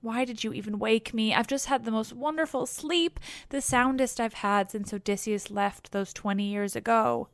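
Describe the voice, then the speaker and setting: Distrustful grieving queen, read by a woman, tired and sharp-tongued, close dry recording. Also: a little high, moderate pace, hardly any pauses, no room sound, lightly acted. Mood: scolding. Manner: scolding, weary disbelief.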